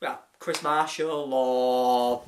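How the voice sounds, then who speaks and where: An excited fan reviewer recapping a TV episode, gushing and rambling, often restarting with "anyway". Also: medium pitch, drawn-out words, background noise.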